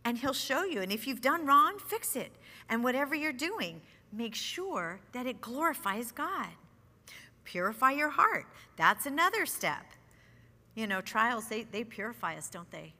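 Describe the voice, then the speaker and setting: An earnest middle-aged woman teaching a Bible study, her bright, fairly high voice carrying with a long reverb through a large hall. She talks conversationally and repeats words as she works through her points. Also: big pitch swings, moderate pace. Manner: earnest, conversational, with nervous laughs.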